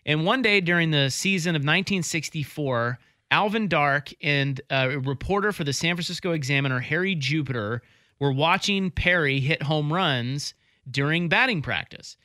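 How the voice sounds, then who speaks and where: Guy on a sports podcast, bright voice a bit high, dry close sound, rambles and chuckles. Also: normal speed, no room sound. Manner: rambling storyteller, laughs easily. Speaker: podcast co-host. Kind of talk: casual sports chat.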